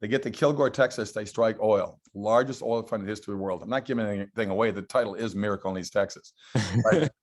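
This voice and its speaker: A man's voice: lowish voice, quick pace. A middle-aged man, a guest actor, telling stories with enthusiasm in a casual interview. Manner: enthusiastic storytelling.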